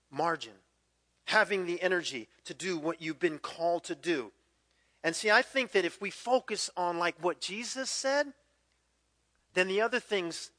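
Bright-voiced man in his fifties preaching. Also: fairly high pitch, no room sound. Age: 50s. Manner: conversational, jumps into loud acted quotes then drops to quiet emphasis. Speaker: pastor. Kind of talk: sermon.

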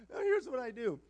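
A middle-aged male pastor telling a humorous story in a sermon, animated and self-mocking, acting out what people said. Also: very high voice, lo-fi sound.

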